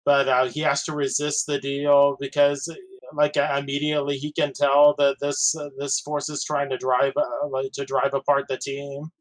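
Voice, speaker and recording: Player guy, flat monotone, lots of ums and likes. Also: medium pitch, moderate pace, rough recording. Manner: hesitant, many fillers. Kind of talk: tabletop game play, casual.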